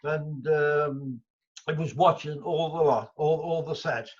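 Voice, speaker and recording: Slow and husky, with a steady tone on the high side, this rambling older Englishman is a guest musician telling stories in a casual interview. He restarts often and uses many fillers; the recording is dull lo-fi audio.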